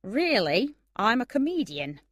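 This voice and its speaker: A woman's voice: lowish voice, unhurried, fairly bright tone, no echo, studio quality. A woman voicing a young male stand-up comedian in a storybook reading. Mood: chatty.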